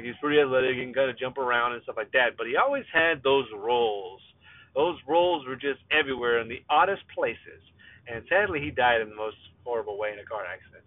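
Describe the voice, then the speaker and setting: A man's voice: medium pitch, dry recording. A man hosting a casual, rambling recap show, joking offhand and correcting himself as he goes. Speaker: wrestling podcast host. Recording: dry, tinny phone-like sound.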